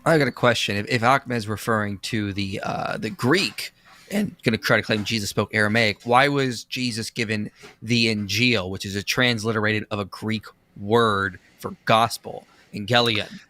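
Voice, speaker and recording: Bright-voiced man asking questions on a stream. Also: fairly low pitch, moderate pace. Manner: questioning, puzzled. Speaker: co-host. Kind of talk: livestream debate commentary.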